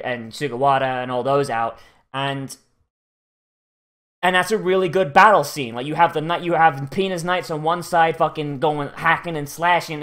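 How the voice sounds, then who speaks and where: Male reaction host, slightly high voice, rambling and sweary, lots of restarts. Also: fairly bright tone. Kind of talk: casual profane commentary.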